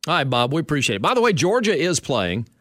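A man hosting a sports talk radio show, telling stories in a lively way. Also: fairly high pitch, fast, dry recording, clean studio sound. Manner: lively storytelling, chuckling.

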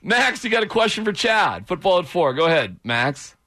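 A man's voice: high-pitched, very animated, normal speed, sharp tone, no echo. A man hosting a sports radio show, taking callers and teasing them in casual banter.

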